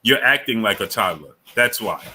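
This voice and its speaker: A man's voice: fairly low pitch, expressive, normal speed, pushed and bright, a little hiss or hum. A man hosting a live boxing stream, lecturing a viewer, repeating himself and greeting chatters by name. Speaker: boxing channel host.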